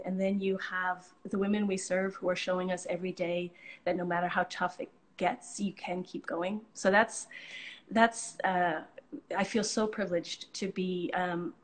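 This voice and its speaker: A woman hosting an interview, telling stories in an earnest, appreciative way, often restarting her sentences. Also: on the low side. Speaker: host, charity leader. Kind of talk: conversational interview.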